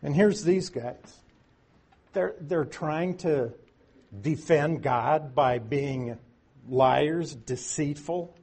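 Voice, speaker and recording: A man's voice: fairly high pitch, drawn-out words, darkish tone, slightly rough. A man teaching through Bible verses in a conversational way, with folksy asides and strong emphasis on key words.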